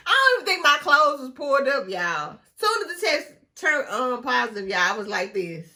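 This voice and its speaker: A young woman telling a casual storytime vlog, animated and often laughing, talking straight to her viewers. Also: high voice, normal speed, hardly any pauses. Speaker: vlogger.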